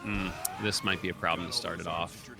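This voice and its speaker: A man's voice: low-pitched, steady tone, fairly quick, music in the background. A young man giving chatty, explanatory live commentary during a speedrun, with many filler ums.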